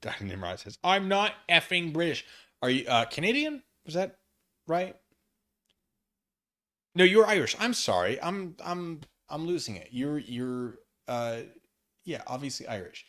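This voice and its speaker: A man's voice: medium pitch, very animated, measured pace, long pauses, a bit bright. A man streaming from his living room, chatting casually and reading chat aloud, rambling and self-deprecating.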